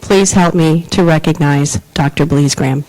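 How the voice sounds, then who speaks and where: A woman's voice: deep voice, normal speed, darkish tone, poor audio. A woman hosting a forum, reading a formal prepared introduction of the speaker. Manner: formal, reads from prepared remarks. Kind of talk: scripted introduction.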